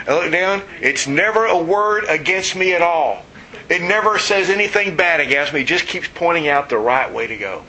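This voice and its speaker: A man's voice: fairly high pitch, moderate pace, slight background noise, poor audio. A man preaching a sermon in a conversational, teasing way, asking the congregation questions. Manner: conversational, teasing, animated storytelling. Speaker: pastor.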